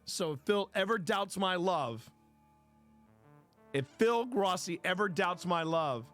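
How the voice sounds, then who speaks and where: Man, streamer host, fairly high voice, rambling casual chat, frequent swearing, faint music behind. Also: expressive, takes it slowly, a bit bright.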